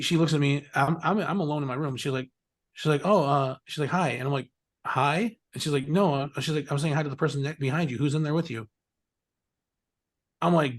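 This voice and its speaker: Pitched fairly high and moving at a normal speed, this man's voice carries casual storytelling. He's a middle-aged interview guest who wanders from tale to tale, swears liberally, and laughs frequently.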